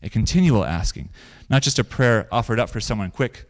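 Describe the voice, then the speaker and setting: Low-voiced man preaching conversationally. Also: expressive, a little fast. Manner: conversational preaching with stories and repetition. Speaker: pastor. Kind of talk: sermon.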